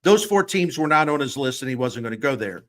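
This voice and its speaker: A man's voice: medium pitch, lively intonation, a little fast, fairly bright tone. A man co-hosting a sports talk show, ranting with heat and sarcasm and getting worked up. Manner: heated, sarcastic rants. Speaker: sports radio co-host.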